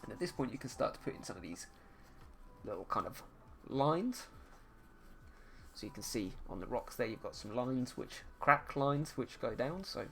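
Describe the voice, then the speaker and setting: A man's voice: medium pitch, moderate pace, creaky, slight background noise. A man, casually teaching digital painting live while he paints. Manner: relaxed, chatty, talks while painting.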